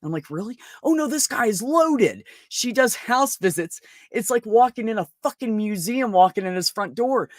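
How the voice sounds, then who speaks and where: Middle-aged man, blunt ranting podcast host, heavy swearing, slightly high voice, dry close sound. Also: darkish tone, no echo. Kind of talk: casual chat.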